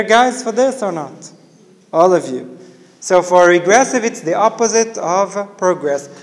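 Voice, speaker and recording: A male teacher giving a classroom lecture, explaining step by step and often checking with "okay, guys? clear?". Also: sits high. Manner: explains slowly step by step, repeating key words. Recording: reverberant room.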